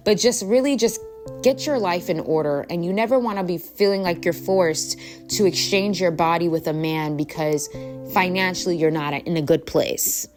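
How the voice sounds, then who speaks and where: A woman's voice: on the low side, moderate pace, music in the background. A woman talking casually to her viewers, telling a story in a chatty, rambling way with lots of fillers. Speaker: spiritual coach.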